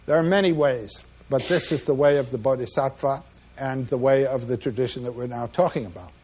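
A man giving a measured, reflective lecture about slides, pausing often with "uh" between phrases. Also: medium pitch, a little mellow, husky. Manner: measured, reflective, with frequent pauses and "uh" fillers.

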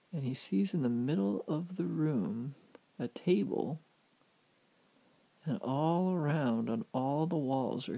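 A man telling a fanciful story aloud with animated, vivid narration. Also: mid-range voice, vocal fry, breathy edge. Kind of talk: oral storytelling.

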